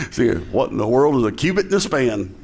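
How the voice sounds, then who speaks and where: A man's voice: medium pitch, husky. A male pastor with a Southern US accent preaching a sermon in a conversational style, asking the congregation questions.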